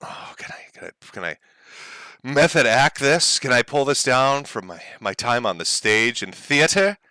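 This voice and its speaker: A sarcastic male streamer mocks his subject for his chat, with a lively voice that swings up and down. His tone is bright and forward, and the recording is close and dry with no room sound. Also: mid-range voice, measured pace, clean tone, no room sound. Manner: sarcastic, mocking, often laughing. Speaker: streamer host. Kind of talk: mocking livestream commentary.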